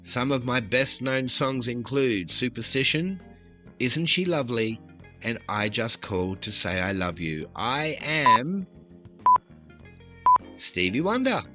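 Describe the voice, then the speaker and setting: A man's voice: mid-range voice, unhurried, sharp tone, faint music behind. An Australian man hosting a trivia podcast, chatty and upbeat as he reads out quiz questions.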